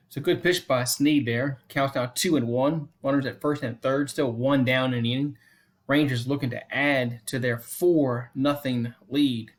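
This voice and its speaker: Man calling fan play-by-play. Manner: repeats the count and score often; chats to viewers between pitches. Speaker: fan stream host. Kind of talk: casual play-by-play commentary.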